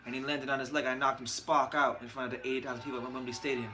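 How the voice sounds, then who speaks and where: A man imitating a proud English boxer, boastfully retelling a knockout in a somewhat lower voice. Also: little pitch movement, fast talker, pushed and bright, slight background noise, close to an everyday voice. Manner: boastful storytelling.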